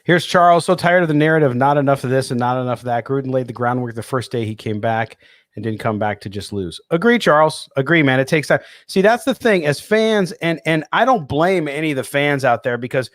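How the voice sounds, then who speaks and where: A man's voice: medium pitch, animated, a little fast, no room sound. Dry-miked man co-hosting sports radio. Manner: reads listener comments and answers them. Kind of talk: casual sports radio chat.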